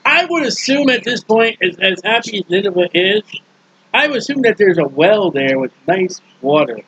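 A man preaching in a casual Bible teaching style, folksy and joking, acting out characters in quick asides. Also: high-pitched, sing-song, fairly bright tone, slightly rough, no echo, lo-fi sound.

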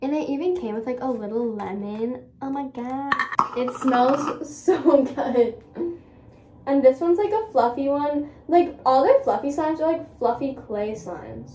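A woman's voice: high voice, animated, moderate pace, few pauses, mellow, slight background noise. A young woman vlogging in a casual, giggly, rambling way, full of fillers, filmed on a handheld camera at home and out on a night walk. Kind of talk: casual vlog chat.

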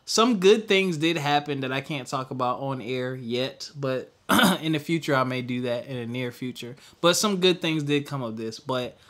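A young adult man co-hosting a podcast, venting candidly in casual chat and trailing off into quiet mutters. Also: medium pitch, normal speed, hardly any pauses. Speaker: podcast co-host.

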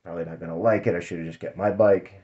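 A male vlogger in his 50s with a deep voice, fairly even intonation and a quick pace tells a rambling, profane story in casual, laid-back chat. The recording has a dull, lo-fi sound.

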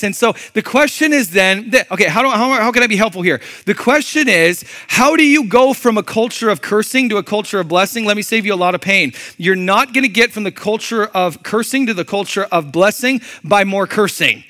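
A male pastor preaching a sermon in a conversational, animated way, swinging from loud emphasis to low, intense delivery and asking the congregation questions. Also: fairly quick, hardly any pauses.

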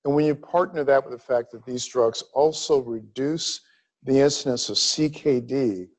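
A middle-aged man from Louisiana giving a grand rounds medical lecture, emphatic and deliberate in his pacing. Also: mid-range voice, low-quality recording. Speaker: cardiology lecturer.

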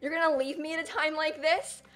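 A woman's voice: high voice, little pitch movement, brisk, fairly bright tone, soft background music. A young woman streaming live and chatting casually, who keeps dissolving into giggles and helpless laughter.

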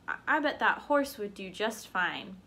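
A woman's voice: medium pitch, big pitch swings, unhurried, sharp tone, heavily acted. A woman voicing a shrewd man bargaining over his cow in a folktale. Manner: smooth, bargaining.

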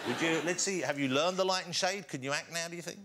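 A man's voice: on the high side, fast talker, noisy background. A man hosting a chat show, teasing and coaxing his guests with frequent laughter. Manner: playful, coaxing, laughing often. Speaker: talk show host. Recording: studio with loud audience.

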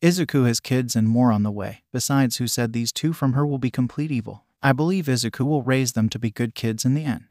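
A man's voice: medium pitch, fairly quick, few pauses, a little mellow, no echo, studio quality, close to an everyday voice. A man reading as a cautious old mentor spirit. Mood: grave.

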